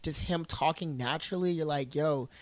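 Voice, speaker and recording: A man's voice: on the high side, brisk, a bit bright, no echo. A man in casual podcast chat, rambling with many restarts and fillers.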